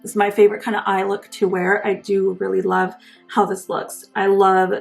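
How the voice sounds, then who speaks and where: Gushing young woman with vocal fry. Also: medium pitch, completely flat delivery, moderate pace, faint music behind. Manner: gushing and enthusiastic. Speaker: beauty vlogger. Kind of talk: casual makeup review.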